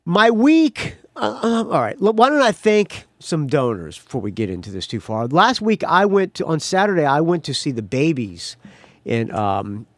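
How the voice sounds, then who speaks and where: A man talks through a long, rambling story from his day on his own podcast, his voice sitting a little high and swinging up and down with lots of life. The sound is dry and close, with no room around him. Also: dry recording. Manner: rambling storyteller, acts out quotes loudly. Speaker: podcast host. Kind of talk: casual monologue.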